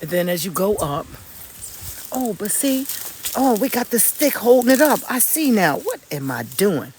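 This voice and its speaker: A vlogger chatting casually on a live stream from an outdoor garden, telling stories bluntly with swearing and excited exclamations. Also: mid-range voice, normal speed, a little hiss or hum. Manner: animated, blunt storytelling with swearing; excited exclamations while looking at plants. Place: outdoors in a garden among fruit trees.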